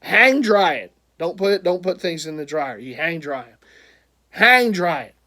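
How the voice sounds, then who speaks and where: A man telling a story in a casual vlog, rambling, stumbling over his words, laughing often and getting loud when frustrated. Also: a little high, lively intonation, a little slow. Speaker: vlogger, jersey collector.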